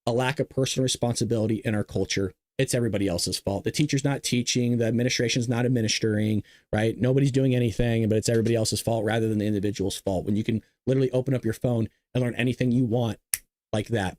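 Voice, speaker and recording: A man's voice: mid-range voice, fairly even intonation, fast, darkish tone, no echo. A man hosting a live news commentary show, ranting emphatically with repeats and restarts.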